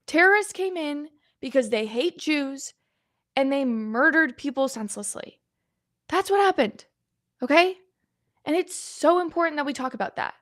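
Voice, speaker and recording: High-voiced young woman close to tears. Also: animated, moderate pace, a bit bright. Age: 20s. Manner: emotional, earnest, repeats herself for emphasis. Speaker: guest host of a livestream. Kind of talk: livestream open forum.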